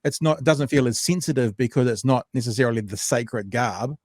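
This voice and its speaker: A man's voice: mid-range voice, brisk, dry recording, clean studio sound. A man hosting a conversational interview podcast, jumping in eagerly and restarting his sentences often. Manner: eager, jumps in with repeated restarts. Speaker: podcast host.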